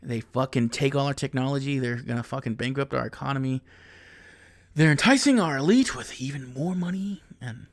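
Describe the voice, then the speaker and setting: A man in his thirties rambles through a profane, comedic solo podcast. He laughs at his own jokes, and his pitch swings up and down. The sound is dry and close. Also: dry recording. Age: 30s. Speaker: podcast host. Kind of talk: casual comedic monologue.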